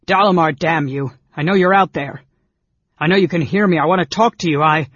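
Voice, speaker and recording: A male narrator voicing an angry, desperate half-elf father, raised and raw, shouting and pleading. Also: medium pitch, fairly even intonation, normal speed, breathy edge, no room sound. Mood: furious. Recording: dull lo-fi audiobook recording.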